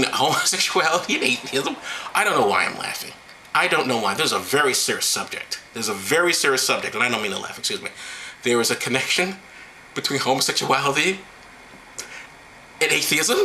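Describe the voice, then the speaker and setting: A man's voice: mid-range voice, expressive, fairly quick, sharp tone, slight background noise, low-quality recording. A man hosting a video, delivering a satirical, mock-serious monologue in a sarcastic way and often breaking into laughter. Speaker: video host.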